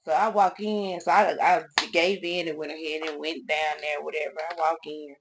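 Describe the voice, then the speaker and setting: A woman's voice: low-pitched, level tone, moderate pace, noisy background. A woman vlogger chatting through a casual get-ready-with-me storytime at home, talking straight to her viewers as y'all and acting out the voices of people in her story. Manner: acts out voices in retold conversations. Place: at home doing her makeup.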